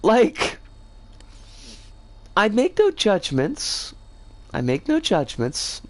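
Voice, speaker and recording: A streamer chats casually to their livestream, drifting from one thought to the next and dropping bits of playful slang. The voice sounds rough and scratchy today. The delivery is unhurried, but the pitch swings up and down a lot. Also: wildly swooping pitch. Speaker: game streamer.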